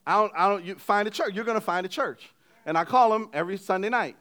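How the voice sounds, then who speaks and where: A middle-aged man preaching a sermon as pastor, conversational, swinging from loud emphasis to quiet asides and acting out little everyday dialogues. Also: sits high, animated, fairly quick.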